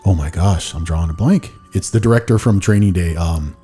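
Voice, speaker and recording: A man hosting a podcast, chatting in a relaxed way and telling stories, now and then swearing. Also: low-pitched, a little fast, faint music behind. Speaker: podcast host. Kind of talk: casual podcast chat.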